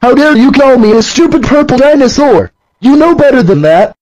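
Barney, a squeaky scolding dinosaur voiced by a man. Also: animated, moderate pace, darkish tone. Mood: furious. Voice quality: very high-pitched. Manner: scolding, threatening, repeating rules. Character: bossy scolding purple dinosaur, male. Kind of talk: fan cartoon voice acting. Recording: dull lo-fi audio.

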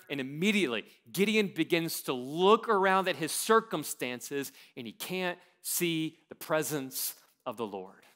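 A pastor preaching a sermon in a church, with a light Texan accent, swinging from loud emphatic questions down to quiet, drawn-out endings. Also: male voice, on the high side.

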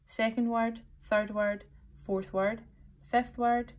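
A woman teacher reading a storybook aloud to a class and giving slow, step-by-step instructions for a gap-fill task. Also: fairly high pitch, steady tone, darkish tone. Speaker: primary school teacher.

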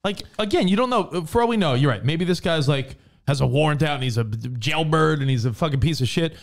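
A man co-hosting a podcast argues in an excitable, swearing way. His voice sits high and moves around a lot in pitch. He keeps jumping in with quick remarks. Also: gravelly. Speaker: co-host. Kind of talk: casual podcast chat.

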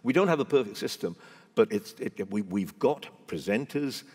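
Older man, very low voice, forthright, emphatic, frequent restarts, live stage conversation, long hall echo. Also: lively intonation, normal speed, darkish tone, breathy edge. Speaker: veteran broadcaster, guest. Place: large event hall before an audience.

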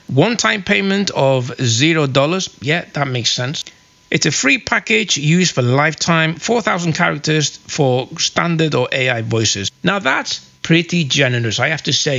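A man hosting a casual software review, explaining things in a chatty walkthrough. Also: fairly high pitch, creaky.

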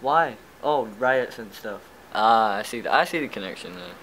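A man's voice: mid-range voice, expressive, normal speed, fairly bright tone, a little hiss or hum, low-quality recording. A young man with a Lancashire accent, chatting casually and bluntly in a vlog, swearing now and then. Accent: northern English, Lancashire. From Lancashire, England. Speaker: YouTube vlogger. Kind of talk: casual chat, doing a tag video.

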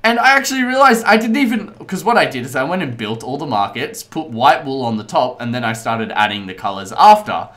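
A man casually commenting on his own gameplay as host, chatty, rambling and excitable. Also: medium pitch, brisk, hardly any pauses. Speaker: let's play host.

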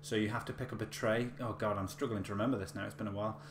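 Chatty low-voiced man, echoey room. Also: steady tone, rapid-fire. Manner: chatty, rambling with many fillers and restarts. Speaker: vlogger. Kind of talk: casual storytelling. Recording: echoey room with faint hum.

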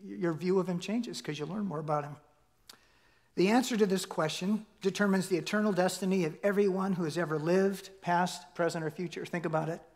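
A high-pitched middle-aged man preaching in a church. He talks in a loose, conversational way, full of fillers and restarts. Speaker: pastor. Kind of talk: sermon.

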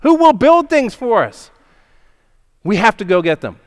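A panicked king yelling high and fast about his lost workers, as a preacher puts him on. The voice jumps well above his usual pitch and gets much louder. It sounds frantic and desperate. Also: animated, long reverb tail. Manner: shouting, high and rushed.

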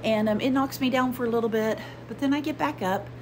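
A woman's voice: on the high side, fast, noisy background. Chatty woman vlogging at home. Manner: chatty, rambling, many "um"s; drops to a whisper at times. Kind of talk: casual vlog chat. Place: at home, inside and in the yard. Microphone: handheld camera.

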